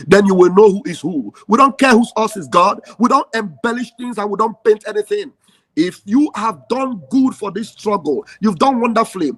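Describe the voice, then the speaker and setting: A man's voice: high voice, fairly bright tone. A Nigerian man giving an impassioned rallying speech, fiery and emphatic, repeating his key phrases. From southeastern Nigeria. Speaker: activist.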